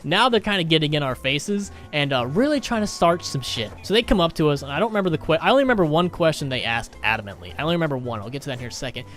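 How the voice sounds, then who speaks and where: A man's voice: a little high, animated, rapid-fire, hardly any pauses, a bit bright. A young man, a gaming YouTuber, rambling through a funny self-mocking story over gameplay.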